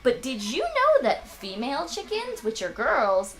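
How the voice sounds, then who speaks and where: A woman's voice: high-pitched, huge pitch swings, unhurried. A woman teaching English to children, patient and encouraging, with playful animal sounds. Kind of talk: children's ESL lesson.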